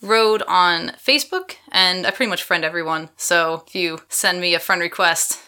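A woman's voice: fairly low pitch, moderate pace, bright, forceful tone. A woman co-hosting a casual podcast, breezy and friendly. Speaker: podcast co-host.

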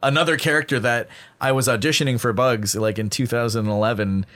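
Guest voice actor, middle-aged man, mid-pitched, quick animated storyteller. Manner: fast, animated storytelling with many fillers. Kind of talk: casual podcast chat.

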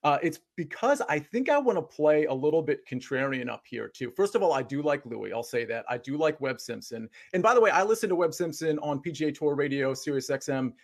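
Gravelly-voiced man giving measured analysis. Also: on the high side, very animated. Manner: measured, hedging, uses filler like "I mean". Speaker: podcast analyst. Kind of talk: casual sports podcast chat.

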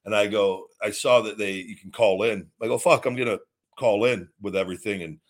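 A man's voice: on the low side, fairly even intonation, brisk. A middle-aged man hosting his own talk show, telling a story in a blunt, profane, rambling way and acting out what others said. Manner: quotes others in retold dialogue. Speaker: host. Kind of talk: casual solo talk.

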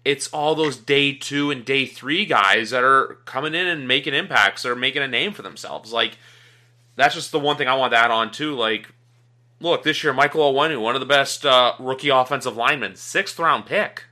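Rambling, bright-voiced football talker. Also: male voice, mid-range voice, moderate pace. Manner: rambling, many fillers, talks in long runs. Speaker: podcast co-host. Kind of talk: casual sports debate.

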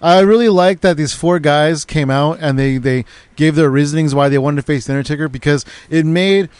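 A man co-hosting a wrestling podcast, giving his opinions and quickly correcting his partner. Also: a little high, darkish tone, smooth, no room sound. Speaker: podcast co-host. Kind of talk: casual chat.

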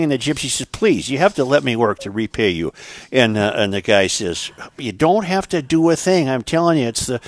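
A man's voice: medium pitch, brisk. An older man, a regular on a talk show, animatedly telling jokes and stories in casual chat. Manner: animated joke-teller, voices characters in stories.

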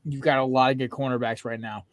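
A man's voice: medium pitch, level tone, quick pace. A young man co-hosting a podcast, ranting heatedly and profanely in casual sports chat. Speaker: podcast co-host.

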